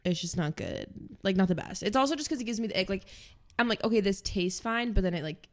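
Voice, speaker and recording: A woman's voice: medium pitch, lively intonation, fast. A young woman co-hosting a podcast, chatting casually and filling her talk with "like". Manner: chatty, many "like" fillers. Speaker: podcast co-host. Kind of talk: casual chat.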